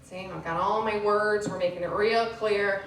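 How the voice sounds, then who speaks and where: A woman in her thirties doing stand-up comedy, telling a story on stage with lively, animated delivery. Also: normal speed. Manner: animated storytelling with wild pitch jumps. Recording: roomy live venue, distant, faint hiss.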